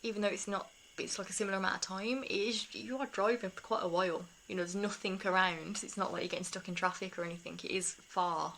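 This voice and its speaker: A woman talking candidly to camera in a rambling, confiding way, laughing softly between thoughts. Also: medium pitch, steady tone, fast, gravelly, few pauses, a little hiss or hum, poor audio. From England. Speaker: vlogger. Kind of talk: casual talk to camera.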